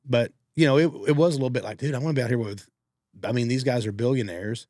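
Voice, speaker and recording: A man, co-hosting a podcast and telling stories in a casual, animated way, acting out what other people said. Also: medium pitch, dry recording, clean studio sound. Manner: fast-talking, animated quoting of others. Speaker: podcast co-host. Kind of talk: casual storytelling.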